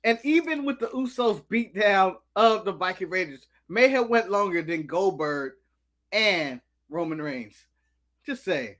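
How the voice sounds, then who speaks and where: American male co-host, high and bright, animated ranter, eats on mic. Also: measured pace. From United States. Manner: animated ranting, snacking while talking. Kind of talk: casual live-stream chat.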